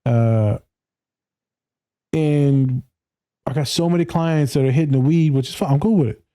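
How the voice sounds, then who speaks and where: A man's voice: fairly high pitch, normal speed, mellow, smooth. A man in his thirties, a therapist, talking casually on a podcast in a blunt, profane way and laughing often. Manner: blunt, profane, laughs often, does voices when quoting people.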